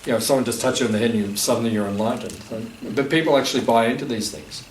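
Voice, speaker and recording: A medium-pitched man races through his words, picked up from a distance in an echoing festival gathering room with faint noise. He is a spiritual teacher speaking conversationally to a live audience, cracking jokes and filling gaps with fillers.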